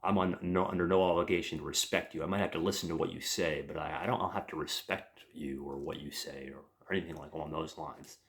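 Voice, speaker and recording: A blunt, irritable demon, as a man retelling a movie plays him. The voice is deep, gravelly and curt, with open disrespect. It stays close to everyday speech. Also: fairly even intonation, quick pace, hardly any pauses, fairly bright tone. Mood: brusque. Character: blunt, irritable male demon, rude and defiant.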